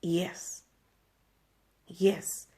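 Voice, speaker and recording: A woman's voice: extremely slow, warm tone, whispered. A woman vlog host giving an earnest inspirational faith talk to camera, repeating her pleas.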